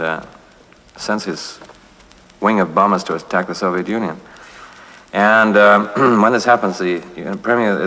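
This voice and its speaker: An actor in a 1960s radio interview, answering in a rambling, hesitant and playful way. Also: male voice, low-pitched, bright, forceful tone. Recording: 1960s radio, long reverb.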